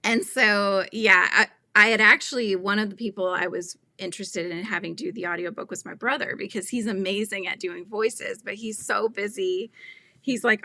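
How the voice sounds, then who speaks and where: A woman's voice: medium pitch, steady tone, moderate pace, gravelly, bright, forceful tone, dry recording. A woman from the United States, a children's book author chatting casually on a live stream, rambling and laughing often.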